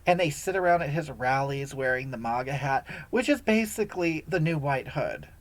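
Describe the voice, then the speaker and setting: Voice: medium pitch, animated, normal speed, natural voice. A performer voicing a sanctimonious, self-righteous woman who hosts a livestream and lectures her viewers, sighing heavily between scoldings. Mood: indignant. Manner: preachy, lecturing, scolding, with heavy sighs. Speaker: livestream host answering viewer comments. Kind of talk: satirical character livestream.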